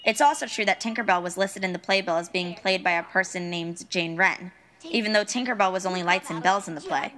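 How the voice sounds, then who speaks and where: Young woman, student, scripted letter narration, earnest and wistful, tense bright tone. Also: fairly low pitch, a little fast.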